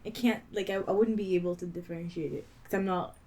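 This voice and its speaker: A woman's voice: lowish voice, steady tone, crowd noise, rough recording. Woman with a Quebec French accent. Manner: halting, restarts, fillers like "like". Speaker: podcast co-host. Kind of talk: casual chat.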